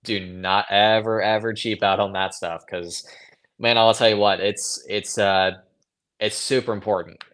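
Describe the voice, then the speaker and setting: Earnest low-voiced guy, lots of fillers. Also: fairly even intonation, unhurried, a bit bright. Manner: filler-heavy, earnest, says like and you know a lot. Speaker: motocross racer, podcast guest. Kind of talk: casual interview chat.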